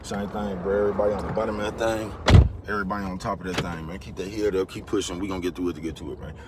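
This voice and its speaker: Over heavy background noise, a low-pitched man speaks very fast in a steady tone. In his vlog he gives a rambling, slangy motivational monologue, repeating his catchphrases again and again.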